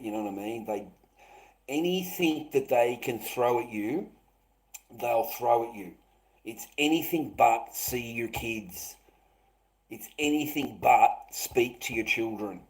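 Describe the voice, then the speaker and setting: A man's voice: medium pitch, animated, takes it slowly, rough recording. A middle-aged man rambling through a livestream monologue, swearing often and restarting his sentences. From Australia. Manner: swearing, repetitive, stammering restarts.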